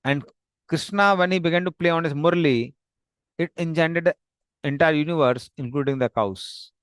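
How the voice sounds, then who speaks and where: A man narrating a devotional story slowly and plainly, pointing to slides as he goes. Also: fairly high pitch, clean tone, no echo, clean studio sound. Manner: slow, plain, explanatory with pauses.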